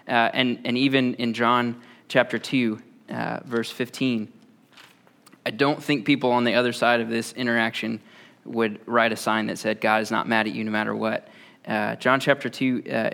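A man in his thirties giving a conversational sermon, relaxed and often pausing on "uh" between thoughts. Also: medium pitch, creaky. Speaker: preacher.

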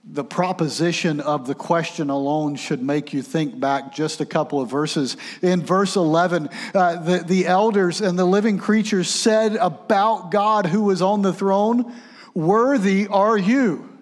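A man preaching a sermon, swinging between urgent raised passages and hushed, quiet ones. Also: high-pitched, a little slow, in a large hall.

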